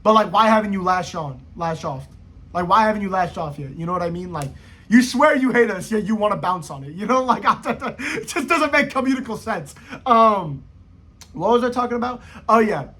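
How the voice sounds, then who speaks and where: A young man with a husky, rather high voice rambles through a profane football rant. His slangy talk swings up and down in pitch as he goes. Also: animated, fairly quick, a bit bright. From United States. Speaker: football vlogger. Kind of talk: casual rant to camera.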